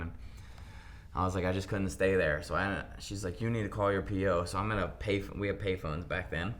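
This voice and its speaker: Low-voiced man telling a lively story. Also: brisk, slight background noise. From Pennsylvania, US. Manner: animated storyteller acting out quotes. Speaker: interview guest. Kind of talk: casual storytelling interview.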